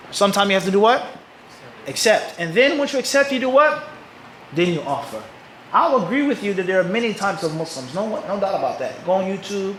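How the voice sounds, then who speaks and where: Here the Philadelphia Islamic teacher, American-accented, instructs a live crowd and frequently answers his own rhetorical questions. He speaks in a high register with a fairly bright tone. The recording is low quality and roomy, carrying a little hiss or hum.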